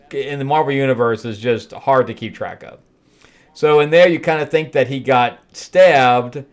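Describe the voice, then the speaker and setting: A middle-aged man hosting a comic review show, recapping an issue in a loose, rambling way, chuckling at his own asides with lots of fillers. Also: medium pitch. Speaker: comic book review host. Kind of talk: casual solo recap.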